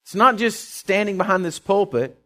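A man's voice: sits high, lively intonation, normal speed, a bit bright. A middle-aged man preaching a sermon as pastor, folksy, earnest and emphatic, telling stories to his church.

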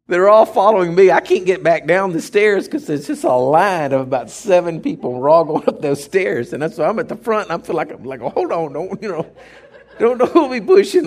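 A man preaching in church, telling a story dramatically and laughing as he goes. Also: on the high side. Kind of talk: storytelling sermon.

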